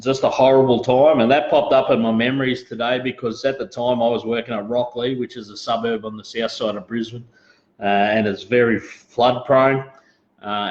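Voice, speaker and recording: A man with an Australian accent hosting a casual live show, rambling in a laid-back way and greeting viewers as he talks. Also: mid-range voice. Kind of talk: casual live-stream chat. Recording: roomy, dull lo-fi live stream audio.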